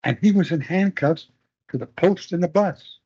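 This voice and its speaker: Older man recalling wartime in halting speech. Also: sits high, lively intonation, a little mellow. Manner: halting, rambling recollection with restarts. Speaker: interviewee. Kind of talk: oral history storytelling. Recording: dull lo-fi recording.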